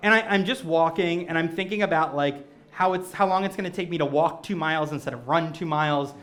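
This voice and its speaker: A man performing stand-up storytelling on stage before a live audience, animated and self-mocking. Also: a little high, fairly quick. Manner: animated, self-mocking, acts out quoted voices. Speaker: comedic storyteller.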